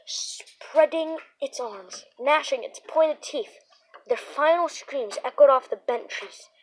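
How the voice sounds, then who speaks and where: A woman's voice: high voice, takes it slowly, poor audio. A woman narrating a children's story aloud, reading it through with small restarts and repeated words. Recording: faint background noise.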